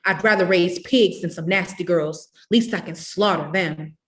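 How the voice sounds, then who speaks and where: A stern mother, sharp and scolding, her lines clipped and loud, as a woman reader puts her on. The voice sits fairly low. It belongs to a storybook reading. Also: moderate pace, echoey room, far from the mic, natural voice.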